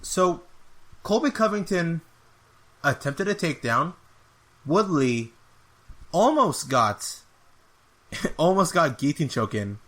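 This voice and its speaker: A man's voice: on the high side, big pitch swings, slow pace, pauses often, a bit bright. A man hosting a podcast, giving a casual, rambling fight review with an exasperated tone and lots of filler words. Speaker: podcast host.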